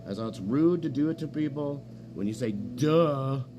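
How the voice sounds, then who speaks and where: A man's voice: medium pitch, moderate pace, over music. A man streaming a casual, rambling chat, swearing often and bragging as he jumps from story to story. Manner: profane, boastful, jumps between stories. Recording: noisy room with hum.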